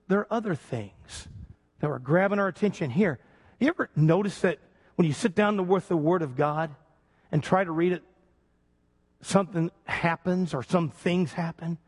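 A fairly high-pitched man preaches a sermon in an earnest way, slowing and sinking his voice low on key words. His voice trails off into the long reverb of a church sanctuary. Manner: earnest preaching, slows and drops low for emphasis. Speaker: pastor.

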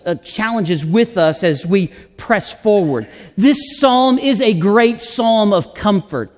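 A man preaching a sermon in a church, slow and deliberate, drawing out his phrases. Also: sits high. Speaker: pastor. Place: church sanctuary. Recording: long hall reverb.

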